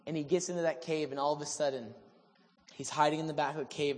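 A man preaching a sermon, telling the story in an animated, humorous way. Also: a little high, fast, long reverb tail.

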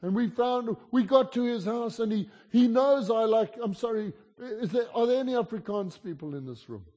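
A South African guest preacher with an accent to match delivers a humorous sermon, his extremely high, darkish voice animated and at normal speed. He tells chatty stories and teases the audience, with the long reverb of a large hall around him.

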